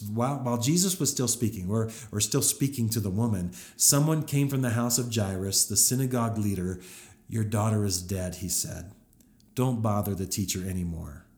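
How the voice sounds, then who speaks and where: A man gives a sermon in a relaxed, conversational way, stopping to restart his sentences and voicing the lines he reads aloud. His voice sits low. The room around him has a noticeable echo. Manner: conversational, with frequent restarts and acted-out quotes. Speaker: preacher. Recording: roomy echo.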